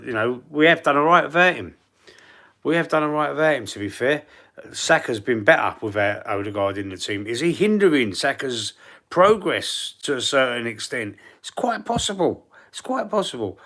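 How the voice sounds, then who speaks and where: A man with a Cockney London accent rambles casually on a live football fan stream, reading out the chat. His voice is mid-range and a bit bright.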